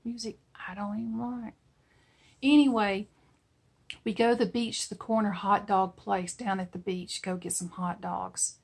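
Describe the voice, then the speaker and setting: A woman's voice: mid-range voice, steady tone, measured pace, vocal fry, slightly rough. A middle-aged woman, chatting casually as she shows vintage items for sale and tells a story with lots of laughter. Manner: chatty, laughs while telling stories. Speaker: online vintage seller. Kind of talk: casual product showcase and storytelling.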